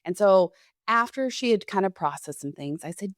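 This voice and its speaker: Female podcast host, mid pitch, candid storyteller, dry close recording. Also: lively intonation, moderate pace, no room sound. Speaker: podcast host and fitness instructor. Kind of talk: conversational podcast talk.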